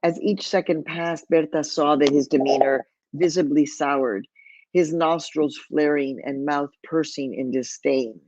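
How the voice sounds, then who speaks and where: A woman's voice: low-pitched, a little slow, darkish tone, no echo. Woman reading vivid memoir aloud. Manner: vivid storytelling, slips into Spanish phrases. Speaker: author. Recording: dull, lo-fi, dry.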